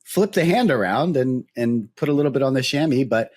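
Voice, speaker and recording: A man co-hosting a podcast in casual chat who agrees quickly and laughs along. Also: mid-range voice, animated, darkish tone. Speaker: podcast co-host.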